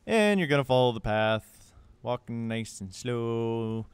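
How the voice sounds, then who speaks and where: A man's voice: medium pitch, lively intonation, a little slow, smooth, dry recording. A young man narrating a game walkthrough in a casual, joking way, with sarcastic asides. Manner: joking, sarcastic asides with goofy put-on quotes.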